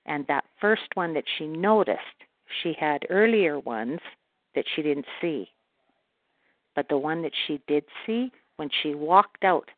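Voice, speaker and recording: A woman from Canada, speaking as a guest in a calm channeled voice that refers to herself in the third person. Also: sits low, no echo. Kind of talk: channeled spiritual talk. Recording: phone-like call audio.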